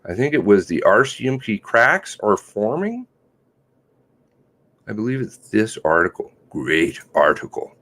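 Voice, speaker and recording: A man's voice: big pitch swings, a little slow. Sarcastic man ranting on a livestream. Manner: sarcastic, mocking, swings from loud outbursts to low mutters. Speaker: livestream host. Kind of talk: casual livestream commentary.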